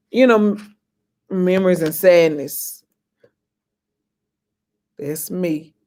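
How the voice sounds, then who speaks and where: A woman's voice: fairly low pitch, darkish tone. Chatty woman vlogger reminiscing. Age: 30s. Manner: chatty, calls viewers "y'all" and "honey"; emotional, reminiscing. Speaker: inspirational vlogger. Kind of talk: casual chat to viewers.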